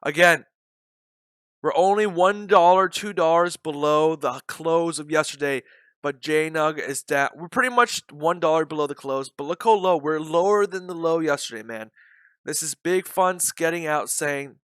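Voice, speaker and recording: A man's voice: on the high side, moderate pace, a bit bright, clean tone, dry recording. Blunt, frustrated male day-trading streamer. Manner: blunt, repetitive, openly frustrated. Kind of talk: live trading commentary.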